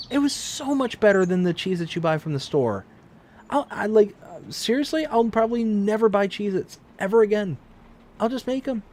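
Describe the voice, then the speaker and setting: A man in his forties from Michigan, chatting casually on a live stream while he plays a farming game, rambling and jumping up in pitch when excited. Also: normal speed, slight background noise. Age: 40s.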